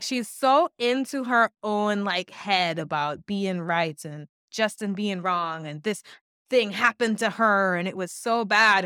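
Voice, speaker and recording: A woman co-hosting a podcast, chatting casually about reality TV, animated, laughing often and swearing freely. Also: mid-range voice, smooth, no echo, studio quality. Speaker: podcast co-host. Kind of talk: casual chat recapping reality TV.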